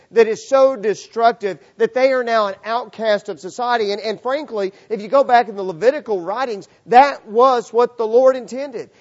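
A man preaching a sermon to a congregation, lively and acting out the voices of the people in his story. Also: high voice, dull audio. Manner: animated, acts out voices of characters. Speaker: pastor. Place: church.

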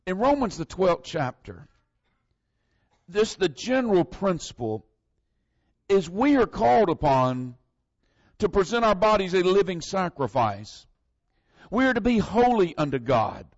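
Lively Southern preacher, folksy and emphatic. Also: male voice, high-pitched, measured pace, long pauses, dry recording, muffled recording. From northern Florida, US South. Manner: folksy, conversational, emphatic on scripture. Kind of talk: sermon.

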